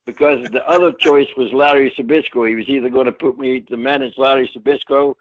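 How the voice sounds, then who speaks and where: A man's voice: mid-range voice, fairly even intonation, brisk, dry recording, narrow, tinny audio. An older man from Scotland, a retired wrestler guest, telling colloquial stories in an interview and acting out the people he quotes. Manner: colloquial, anecdotal, acts out quotes. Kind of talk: storytelling interview.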